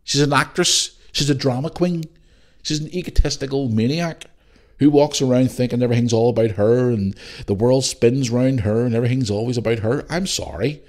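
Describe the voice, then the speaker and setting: A man's voice: medium pitch, a little fast, a little mellow. A man hosting a solo podcast, ranting in an exasperated, sarcastic way. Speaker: podcast host.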